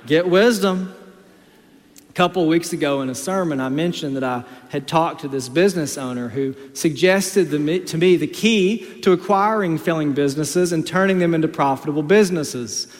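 A man's voice: a little high, moderate pace. Emphatic male pastor in a reverberant hall. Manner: emphatic preaching, swings between quiet storytelling and loud exhortation. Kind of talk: sermon.

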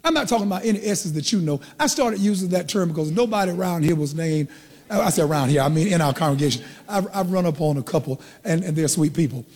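A man's voice: on the high side, a little mellow, breathy edge, big-room sound. A man preaching a teaching sermon, who asks the congregation questions and draws out the key words. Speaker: pastor.

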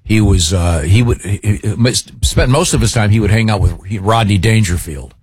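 Husky low-voiced male host. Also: a little mellow, no echo. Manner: rambling, halting storyteller with many fillers. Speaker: show host. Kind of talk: casual chat with guests.

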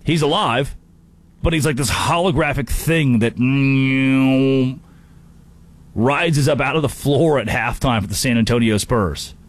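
A man hosting a sports talk show, delivering an animated, jokey monologue with quick impressions. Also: mid-range voice, husky.

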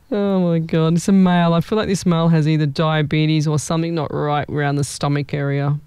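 Psychic host, rambling live-stream readings, warm and smooth. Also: medium pitch, level tone, normal speed, no echo. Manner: chatty, rambling, thinks aloud.

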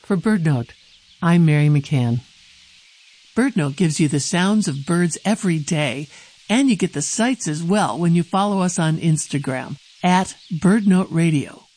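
A woman narrating a short nature radio segment, explaining things gently in a scripted read. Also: fairly low pitch, lively intonation, unhurried. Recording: birdsong clips between lines.

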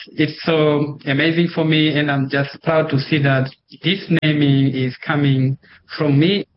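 A man's voice: on the high side, muffled recording. Earnest male researcher on a remote line. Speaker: PhD student researcher. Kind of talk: remote interview.

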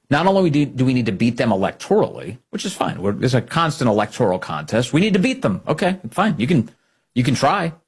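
Husky man with a lively, emphatic delivery. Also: lowish voice. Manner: emphatic, indignant, repeats key phrases. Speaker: political commentary host. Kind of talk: political commentary monologue.

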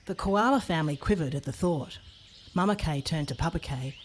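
A woman reading a children's storybook aloud in an expressive, playful way. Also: sits low, brisk, slight background noise.

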